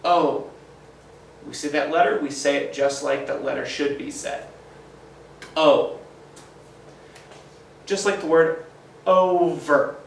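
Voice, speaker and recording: A man's voice: a little high, gravelly, slight background noise. A man teaching a phonics lesson to children, sounding out letters one by one and cheering the class on. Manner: slow, sounds out letters, encouraging. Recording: roomy echo, mic at a distance.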